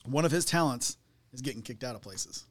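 A man of middle pitch hosting a relaxed chat show. He talks in an easygoing, teasing way and tells his stories with light humor. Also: fairly quick. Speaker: host. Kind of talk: casual chat.

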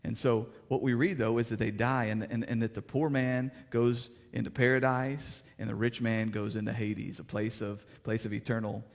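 A man preaching a sermon as pastor, in plainspoken, folksy words, swinging between fervent raised passages and hushed, quiet stretches. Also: medium pitch, level tone, moderate pace, hardly any pauses. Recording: reverberant hall.

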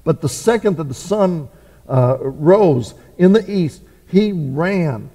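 A man's voice: a little high, lively intonation, slow pace, mellow. A man preaching a conversational sermon, full of fillers, restarts and rhetorical questions. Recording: reverberant hall.

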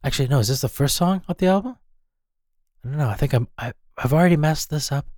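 Rambling Australian radio host. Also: male voice, fairly high pitch, animated, fast, darkish tone, no echo, studio quality. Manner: rambling, self-mocking, stumbles over names. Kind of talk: casual radio banter.

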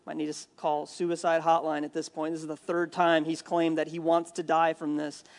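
A male pastor from Minnesota preaching a sermon in a church, animated and jokey, acting out the people he quotes. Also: a little high, moderate pace. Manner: animated, jokey asides, acts out quoted lines.

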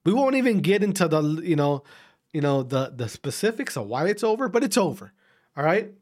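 A man's voice: sits high, very animated, a little fast, darkish tone. A man ranting casually to his audience, profane and repetitive, often restarting and repeating his phrases, from Wisconsin. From Wisconsin, USA. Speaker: vlogger. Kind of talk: casual rant to camera.

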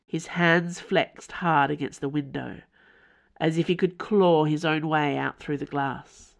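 A woman's voice: deep voice, fairly even intonation, measured pace, gravelly. A woman author from Tasmania, reading her fiction aloud as podcast narrator. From Tasmania, Australia.

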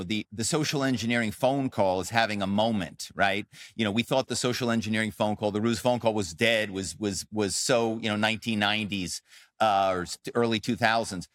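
A middle-aged man, a guest on an interview show, telling his story in an animated, conversational way with many fillers. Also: fairly low pitch, normal speed, no room sound, clean studio sound. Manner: animated storyteller, frequent "um" and "you know". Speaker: podcast guest, author and former corporate spy.

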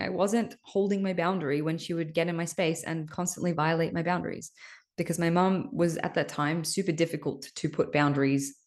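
Candid woman, low-voiced and emphatic. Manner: candid and emphatic, swears casually, frequent "right?". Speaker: podcast host. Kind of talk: personal storytelling monologue.

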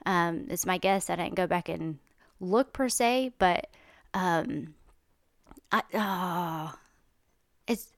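A woman's voice: lowish voice, slow pace, pauses often, dry recording, clean studio sound. A woman talking in a chatty, rambling, indignant monologue. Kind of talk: casual monologue.

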